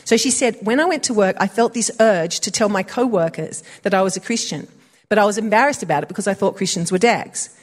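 A woman preaching, telling a friend's conversion story with animated energy and laughter. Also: mid-range voice, a little fast. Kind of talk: sermon storytelling.

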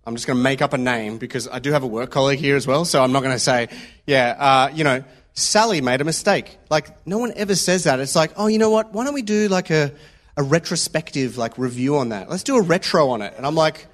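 A man's voice: medium pitch, a little fast. A man giving an informal, conversational sermon full of personal stories, often checking in with the listeners. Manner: conversational, anecdotal, checks in with "yeah?". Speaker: preacher.

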